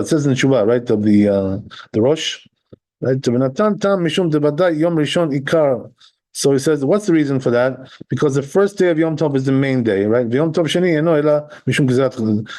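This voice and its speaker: A man teaching a religious text class in a casual, talky way. His voice is mellow and dark, never sharp. He reads a line of text, then explains it, and keeps asking "right?" along the way. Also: medium pitch. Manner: explains step by step, often checking with "right?"; reads Hebrew and Aramaic text, then translates. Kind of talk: conversational Torah class.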